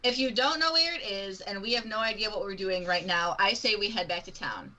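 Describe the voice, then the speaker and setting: A woman's voice: medium pitch, expressive, fairly quick, pushed and bright, rough recording. A woman playing a tabletop game, chatty and a bit hesitant. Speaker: player. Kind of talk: tabletop role-play chat.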